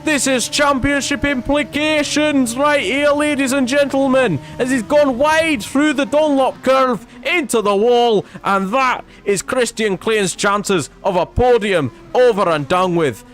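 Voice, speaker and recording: A man voicing an excitable male race reporter with a Scottish accent, shouting his commentary in a high voice. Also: unhurried, few pauses. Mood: thrilled.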